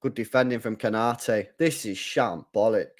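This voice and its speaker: A man hosting a live football watchalong, chatting casually, reading viewer comments and getting loud when play heats up. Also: on the low side, moderate pace. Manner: chatty, swings from mumbling to excited shouting. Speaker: live stream host.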